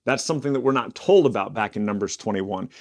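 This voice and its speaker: A Bible teacher with a fairly low, expressive, slightly mellow voice reads scripture aloud at a quick pace. He regularly breaks off to explain the passages in casual, conversational slang.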